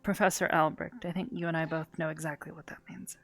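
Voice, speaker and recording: A woman in a roleplay session playing a healer, talking in a tired, soft-spoken way. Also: sits low, little pitch movement, quick pace, vocal fry, faint music behind. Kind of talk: in-character roleplay.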